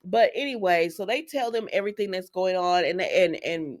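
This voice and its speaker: A woman's voice: fairly low pitch, normal speed. A woman hosting a casual soap opera recap, chatty and opinionated, talking straight to her viewers.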